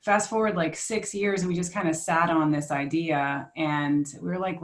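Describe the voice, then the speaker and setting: A woman in her thirties chatting as an interview guest, in a somewhat low voice. She talks in a relaxed, halting way, pausing with fillers. Her voice rings around a roomy, echoey space. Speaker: guest, tea business co-owner. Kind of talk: casual interview chat. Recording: echoey room.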